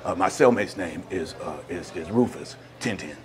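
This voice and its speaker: A man's voice: sits low, moderate pace, a crowd in the background, natural voice. A man playing a prison inmate in a sketch comedy monologue, rambling and stammering with indignation.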